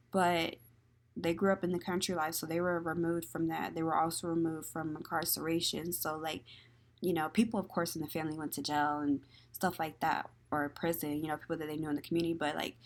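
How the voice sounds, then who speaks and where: A woman hosting a solo podcast, talking candidly with lots of "like" and "um" and airing strong opinions. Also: low voice. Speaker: podcast host. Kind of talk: casual solo podcast commentary.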